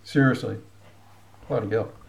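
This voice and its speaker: A man's voice: medium pitch, normal speed, gravelly, rough recording. A middle-aged Australian man hosting a commentary channel, ranting bluntly with casual swearing, then leading a prayer. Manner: blunt, heated, swears freely. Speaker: channel host.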